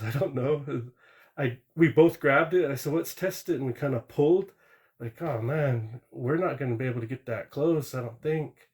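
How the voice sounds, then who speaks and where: A man calling into a live stream and telling a true ghost story in a rambling, plain-spoken way, with small restarts and asides. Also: mid-range voice. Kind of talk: casual storytelling.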